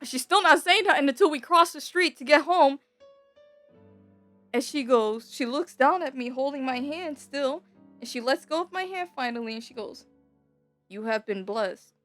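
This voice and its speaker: A woman's voice: high voice, moderate pace, pushed and bright. A young woman telling a story in a casual chat, laughing often and acting out the scenes as she retells them. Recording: dry close mic, faint background music.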